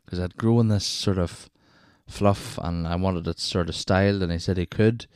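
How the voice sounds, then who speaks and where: With a low-pitched, fairly even voice at normal speed, this podcast host sounds a little mellow and smooth in a dry, clean studio recording. He's a Northern Irish man rambling chattily through casual solo stories, breaking off for wee asides and circling back.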